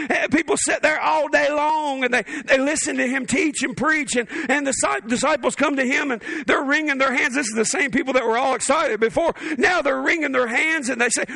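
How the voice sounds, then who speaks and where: A male pastor preaching a fervent sermon, often shouting, with humorous asides. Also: extremely high pitch, gravelly, no echo.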